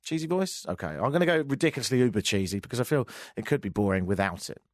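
A man's voice: medium pitch, expressive, quick pace, dry recording, studio quality. A man hosting a radio show, chatting wryly through the news with muttered asides. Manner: wry, rambling, mutters asides. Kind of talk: casual news chat.

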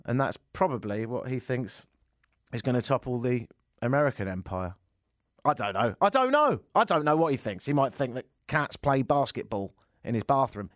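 A man's voice: medium pitch, no echo, clean studio sound. A man hosting a radio talk show, delivering a sarcastic, rambling monologue full of mocking asides. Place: radio studio. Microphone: studio microphone.

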